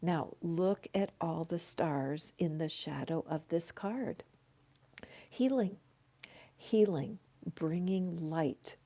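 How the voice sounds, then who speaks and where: An older woman hosting a live tarot reading from her home, talking slowly and softly and often sinking into a whisper. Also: low-pitched. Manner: soft, slow, dropping often into whispers. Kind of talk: live tarot reading, casual spiritual talk. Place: her home, with her dog nearby. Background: a dog barking at times.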